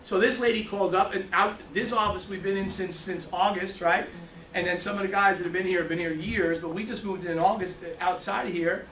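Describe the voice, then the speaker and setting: A man giving an animated training talk to a room, storytelling and repeating his words. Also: high-pitched, brisk, slight background noise. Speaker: financial services trainer. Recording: echoey room from far off.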